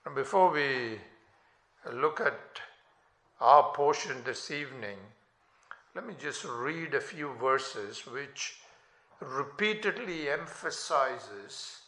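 A man preaching a sermon in a slow, deliberate way, lifting his voice sharply on scripture quotations. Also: medium pitch, animated, sharp tone. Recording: echoey room.

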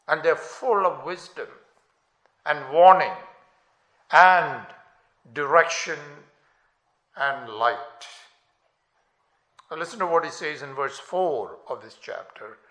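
A man preaching a sermon in a slow, deliberate way, lifting his voice sharply on scripture quotations. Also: a little high, lively intonation, a bit bright. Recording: echoey room.

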